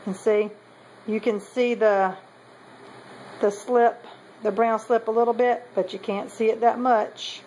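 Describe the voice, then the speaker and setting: A woman with a somewhat high voice, chatting her way through a casual show-and-tell. She meanders and corrects herself often, with a faint noise in the background. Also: fairly even intonation, a little slow, pauses often, warm tone, poor audio. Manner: chatty, meandering, with many ums and self-corrections. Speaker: potter showing kiln results.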